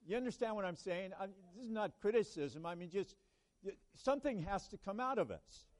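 A man preaching a sermon at a church conference in an earnest way, pausing and restarting, then rising to emphatic proclamations. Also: high voice, expressive. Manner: slow, earnest, with halting restarts and sudden emphatic rises.

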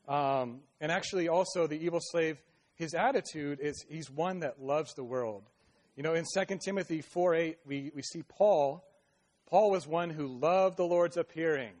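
A man's voice: fairly high pitch, darkish tone. Earnest man preaching a sermon. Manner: earnest, exhorting, frequent "right?" and restarts.

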